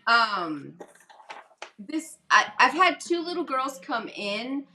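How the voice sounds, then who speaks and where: A woman's voice: fairly high pitch, sing-song, slow, pushed and bright, slight background noise. A woman hosting a casual live craft stream, telling a story in a chatty way and acting out what people said. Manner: chatty storytelling, acts out quotes. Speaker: host. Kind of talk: casual livestream craft chat.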